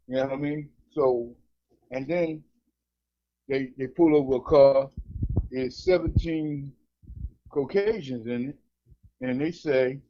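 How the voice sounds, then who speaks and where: A man, co-hosting a casual podcast, telling animated stories and acting out voices. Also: medium pitch, measured pace, pauses often. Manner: animated storytelling, acts out cops, swears a lot. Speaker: co-host. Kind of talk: casual comedic podcast banter. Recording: dull lo-fi recording.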